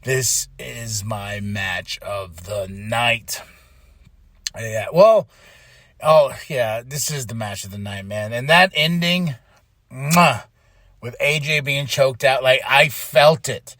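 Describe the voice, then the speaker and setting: A man's voice: medium pitch, slow, a bit bright, dry recording. A man hosting a podcast, recapping in a casual, emotional, rambling way with lots of restarts. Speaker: podcast host.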